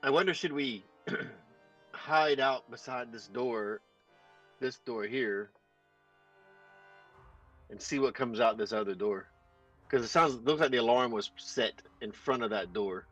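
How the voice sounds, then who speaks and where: A man's voice: mid-range voice, a little slow, pauses often, fairly bright tone, faint music behind, rough recording. Hesitant man at the game table. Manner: hesitant, thinking aloud with fillers. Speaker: player. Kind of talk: tabletop game play on a live stream.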